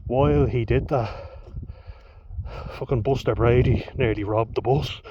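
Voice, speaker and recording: A young Irish vlogger tells a story bluntly and casually, swearing freely and laughing between lines. His voice is medium in pitch with a measured pace, and the lo-fi recording is dull with a faint hiss.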